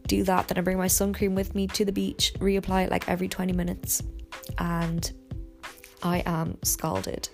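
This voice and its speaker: A tired young woman hosting a podcast, rambling softly from bed with lots of fillers. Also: mid-range voice, flat delivery, brisk, creaky, soft background music. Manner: rambling, soft, many fillers and yawns. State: tired, low energy. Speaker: podcast host. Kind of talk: casual personal podcast monologue. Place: in bed at home.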